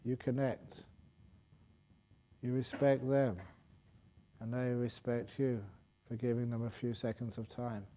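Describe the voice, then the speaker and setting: During a dharma talk, a Buddhist monk playfully tells a joke, chuckling at his own tale and pausing to correct it. His mellow, medium-pitched voice barely moves in pitch, and he speaks at a measured pace with frequent pauses.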